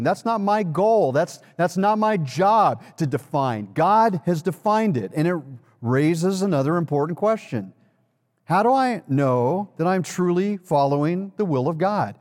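A male pastor delivers a sermon with a raised, fairly high voice, leaning on repetition and dramatic pauses. His words ring out with a long reverb, as in a large church sanctuary. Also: a little mellow.

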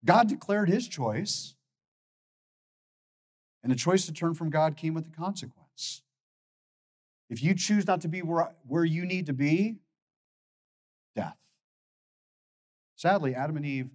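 Pastor, man in his fifties, slightly high-pitched, preaching emphatically with repeated words. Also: animated, takes it slowly, long pauses. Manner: emphatic, repeats words when building a point. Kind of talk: sermon.

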